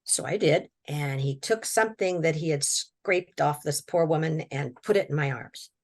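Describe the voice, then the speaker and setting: A woman from Washington state with a slightly low voice tells a long personal story as an interview guest. Her talk is folksy and plainspoken, with repeated words and quick little laughs. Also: darkish tone. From Washington state, USA. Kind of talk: personal storytelling, recounting a near-death experience.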